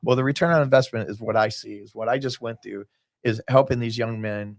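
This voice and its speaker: A man's voice: mid-range voice, steady tone, a little fast, dry recording. A man in a casual podcast chat who rambles from tangent to tangent, acting out what people said. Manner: rambling storyteller, jumps between tangents, acts out quotes. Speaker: guest, basketball team owner.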